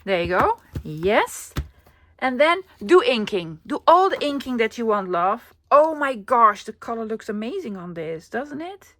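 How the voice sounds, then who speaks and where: A woman's voice: medium pitch, very animated, takes it slowly, a little hiss or hum. Chatty woman crafting on camera. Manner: chatty and playful, calls viewers "love", drops to whispers while working. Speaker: craft vlogger. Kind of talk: casual crafting vlog chat.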